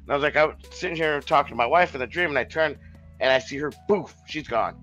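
A man's voice: a little high, fast, fairly bright tone, lo-fi sound, faint music behind. A man telling a long story in a casual podcast chat, rambling, swearing and restarting his sentences.

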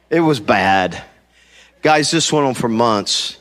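A man's voice: medium pitch, animated, slow, fairly bright tone. A middle-aged man preaching a sermon from a church stage, telling funny stories and acting out the people in them. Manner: humorous storytelling, acting out quoted people. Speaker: pastor. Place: church stage before a congregation. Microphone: handheld mic.

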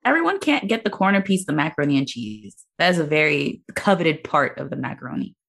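A woman hosting a casual movie review podcast, talking with animated swings into playful impressions. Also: fast talker, vocal fry, breathy edge. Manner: animated, slips into high-pitched impressions. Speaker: podcast host.

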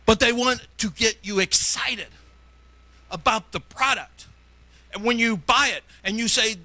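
A middle-aged man preaching a sermon as pastor, fervent, shifting between loud exhortation and quiet asides. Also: extremely high pitch, unhurried, dry recording.

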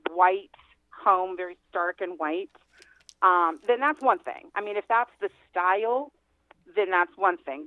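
A woman's voice: mid-range voice, no echo. A woman real estate agent, a guest on a radio interview, giving home-selling advice in a chatty, emphatic way and often laughing. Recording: tinny phone line.

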